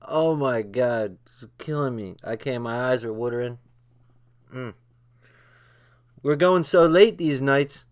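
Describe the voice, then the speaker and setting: A man's voice: mid-range voice, slow pace, pauses often, smooth. Profane, laughing older man streaming late. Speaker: livestream host. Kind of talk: late-night livestream commentary.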